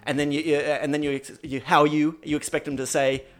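A man hosting a casual podcast, telling stories in an animated way and acting out what people said. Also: fairly high pitch, fast. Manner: animated storyteller, acts out quotes. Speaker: podcast host.

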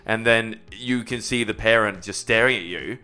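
A man co-hosting a podcast in casual chat, joking wryly and jumping up high when he stresses a point. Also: moderate pace, sharp tone, clear, resonant tone. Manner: wry, joking, swings up high for emphasis. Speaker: podcast co-host.

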